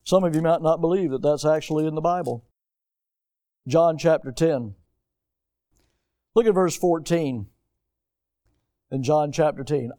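A middle-aged male pastor preaching a sermon, emphatic and fond of rhetorical questions, swinging between loud and hushed delivery. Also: fairly high pitch, normal speed, pauses often.

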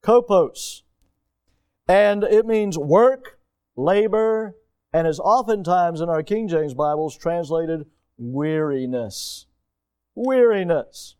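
A man's voice: on the high side, takes it slowly, a little mellow, smooth. A man preaching a sermon in a folksy, emphatic way, often asking the congregation questions.

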